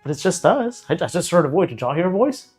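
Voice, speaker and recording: A man's voice: on the high side, big pitch swings, fast, darkish tone, husky, soft background music. A man playing a tabletop role-playing game, bantering with the others in a playful, joking way. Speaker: player. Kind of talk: in-character banter.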